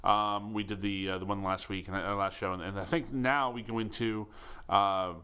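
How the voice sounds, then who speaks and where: A middle-aged man co-hosting a casual podcast, playful and quick to toss out bits and old-cartoon impressions. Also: lowish voice, steady tone, sharp tone, smooth. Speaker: podcast co-host. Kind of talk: casual chat.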